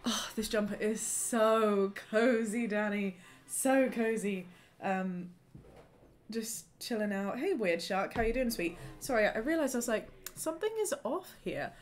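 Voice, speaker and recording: A woman's voice: mid-range voice, unhurried. A young woman chatting bubbly and casual with viewers during a live gaming stream at home, greeting them by name. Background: game music.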